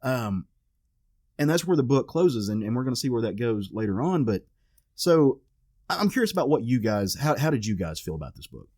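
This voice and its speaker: A man in casual podcast chat, retelling a story with lively energy and slipping into quoted voices. His voice sits at a middle pitch, recorded close and dry with no room sound. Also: fairly quick, no echo. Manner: animated retelling, acts out quoted characters. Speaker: podcast co-host. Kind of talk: casual chat recapping a comic.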